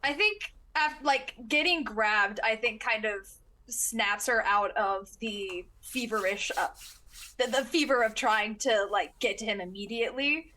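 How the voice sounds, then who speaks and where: High, bright-voiced woman playing a game. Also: a little slow. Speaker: player. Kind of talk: playing a character in a tabletop game.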